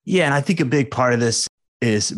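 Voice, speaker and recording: A man speaking as a coach and podcast guest, frank and animated, swearing freely in candid conversation. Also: mid-range voice, a little fast.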